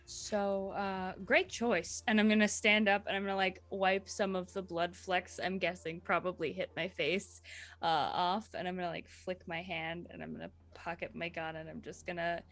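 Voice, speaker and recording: A woman's voice: fairly low pitch, little pitch movement, normal speed, a bit bright. A woman playing in a tabletop role-playing game, thinking aloud hesitantly with fillers while describing her character's actions. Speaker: player.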